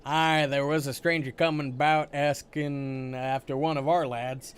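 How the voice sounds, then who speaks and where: A man voicing a rough-spoken male camp soldier with blunt, slangy talk. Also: a little high, level tone, measured pace, close to an everyday voice. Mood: gruff.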